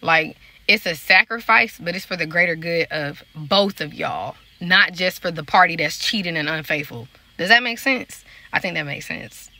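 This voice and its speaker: Woman just talking to her viewers bout faith, real bright voice, dry close sound. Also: fairly low pitch, lively intonation, moderate pace, few pauses, no echo. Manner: talks in a loose, conversational way, addressing viewers directly. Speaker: prophetic dreamer and life coach. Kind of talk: casual spiritual vlog talk.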